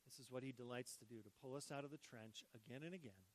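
A man preaching a sermon as pastor, swinging between hushed tender lines and loud, joking bursts. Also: mid-range voice, fast, low-quality recording. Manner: animated, shifts between hushed and loud, jokes.

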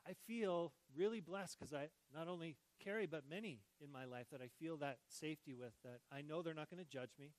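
A man preaching a sermon as pastor, swinging between hushed tender lines and loud, joking bursts. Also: fairly high pitch, a little fast, few pauses, dry recording, poor audio. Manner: animated, shifts between hushed and loud, jokes.

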